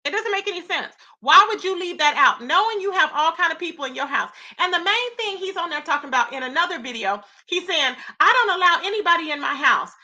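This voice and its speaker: Lady spilling tea live, super bright sharp voice, keeps going "how? how?" all amazed. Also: very high-pitched, a little fast, hardly any pauses, dull audio. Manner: incredulous, animated, rhetorical questions. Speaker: commentary channel host. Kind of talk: live gossip commentary, reading chat.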